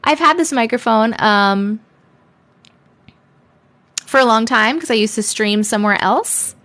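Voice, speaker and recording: A woman's voice: a little high, unhurried, a bit bright. A woman hosting a live stream, reading viewer stories aloud in a playful, chatty way with sarcastic asides. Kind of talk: casual live stream chat and story reading. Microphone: desk microphone.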